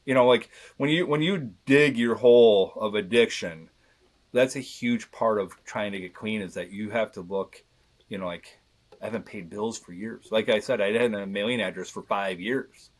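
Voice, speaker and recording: A man's voice: lowish voice, normal speed. A man in his thirties, a podcast guest, speaking candidly and earnestly, often restarting his sentences. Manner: earnest, rambling with many restarts. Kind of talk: candid conversation.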